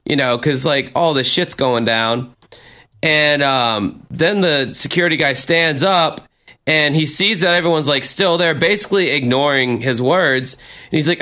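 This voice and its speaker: A man casually telling a story on a chat show, animated and swearing, acting out what people said. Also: on the high side. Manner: animated, acts out quotes with profanity.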